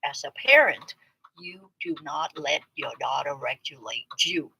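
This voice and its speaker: A woman hosts a casual livestream, teasing viewers as she reacts to their comments. Her voice sits lowish but leaps around, bright and a little husky. She laughs easily and keeps a playful, chatty rhythm. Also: poor audio. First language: Vietnamese. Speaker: livestream host.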